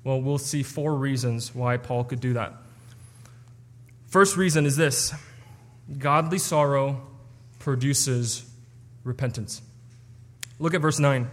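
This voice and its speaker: Earnest preacher in a reverberant hall. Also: male voice, mid-range voice, slow pace, pauses often. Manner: earnest, explanatory, with stumbles and restarts. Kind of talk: expository sermon.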